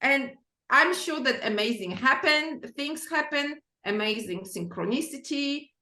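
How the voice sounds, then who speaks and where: A woman's voice: high-pitched, animated, measured pace, sharp tone, roomy sound. A woman guest on a podcast, telling anecdotes earnestly in slightly non-native phrasing. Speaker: guest, author and practitioner. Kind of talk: casual conversation, storytelling.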